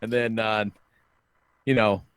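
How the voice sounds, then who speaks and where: A man hosting a podcast, telling a long story in casual chat, animated and full of swearing. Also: fairly low pitch, takes it slowly, clear, resonant tone, no room sound. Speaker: podcast host.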